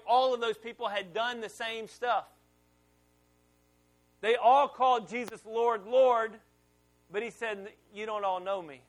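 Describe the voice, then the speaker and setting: A middle-aged man preaching a sermon in a church, telling stories in a conversational way and rising loud on the points he wants to stress. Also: very high-pitched. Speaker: pastor.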